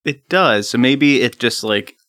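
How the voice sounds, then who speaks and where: Bright, dry-sounding young man chatting. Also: medium pitch, lively intonation, a little slow, no room sound. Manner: speculative, chatty. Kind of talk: casual comedic chat.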